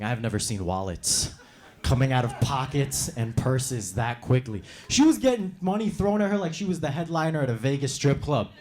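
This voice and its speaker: A young man from New York doing a brash stand-up comedy set on a club stage, acting out characters in quick voices. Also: mid-range voice, big pitch swings, a little mellow. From New York City. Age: young adult.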